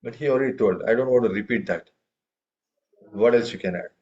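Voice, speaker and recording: A man's voice: fairly low pitch, brisk, highs cut off. A man teaching a group tabla lesson, counting beats and reciting drum syllables for students to follow.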